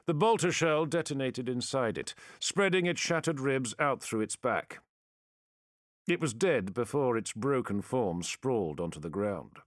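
A man reading a sci-fi war story aloud as audiobook narrator, measured and dramatic. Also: medium pitch, lively intonation, dry recording, clean studio sound.

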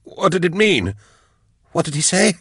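Frantic young soldier played by a man, high strained voice, dry close sound, reads panicked and sick. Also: big pitch swings, normal speed, fairly bright tone, slightly rough, dry recording, full character voice. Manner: frantic, gasping, higher-pitched.

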